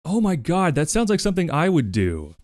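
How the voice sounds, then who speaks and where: A man's voice: a little high, wildly swooping pitch, fairly quick, darkish tone, dry recording. A male streamer chatting loosely to his viewers, laughing and cursing as he goes. His voice rises and falls animatedly and sits dry and close to the mic. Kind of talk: casual livestream chat.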